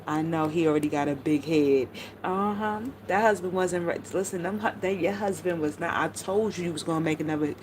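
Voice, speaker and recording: A woman's voice: sits low, a little fast, darkish tone, slight background noise, poor audio. A middle-aged woman streaming, chatting casually and bluntly about online drama, gossipy and full of profanity. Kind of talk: casual livestream chat.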